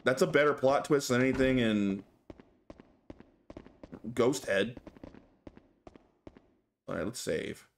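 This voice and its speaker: A man's voice: mid-range voice, slow pace, pauses often, slight background noise. A man streaming a horror game live, reacting aloud to the game and chatting with his viewers. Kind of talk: live gameplay commentary. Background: game music.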